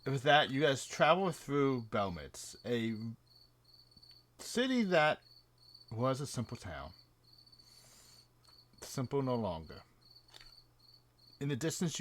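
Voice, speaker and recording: A man running a tabletop game as game master, describing the scene slowly and haltingly, with fillers. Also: mid-range voice, big pitch swings, a bit bright. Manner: slow, hesitant scene narration with fillers.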